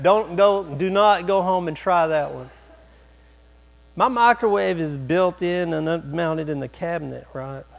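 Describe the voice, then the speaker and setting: High-voiced pastor telling a funny story. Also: male voice, vocal fry. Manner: animated, humorous storytelling with quick asides. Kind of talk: sermon storytelling. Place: church sanctuary.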